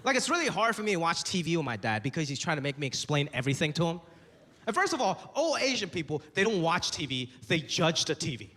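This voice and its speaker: Performing stand-up on a comedy stage before a live audience, a man acts out the voices of his parents and others. His fairly high voice is very animated, bright and forceful, at a quick pace. Long reverb from the live hall mixes with audience noise.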